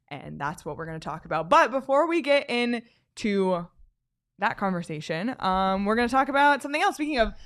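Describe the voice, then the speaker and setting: A woman's voice: medium pitch, smooth. A young woman hosting a sports podcast in an upbeat, easygoing way, welcoming listeners and introducing topics. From United States. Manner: upbeat, easygoing, reading notes aloud. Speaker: podcast host.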